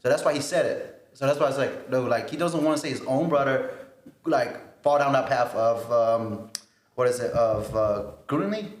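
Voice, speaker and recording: A man in his twenties telling a story on a casual podcast, animated and laughing often. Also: mid-range voice, moderate pace, roomy sound. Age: 20s. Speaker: podcast co-host.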